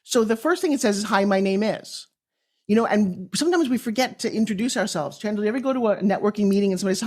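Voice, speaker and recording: A woman pitch coach talking on a podcast in an emphatic, sales-driven way. Her voice sits at a middling pitch, and she lands her points in short, punchy bursts. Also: fast talker, a little mellow. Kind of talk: energetic podcast interview advice.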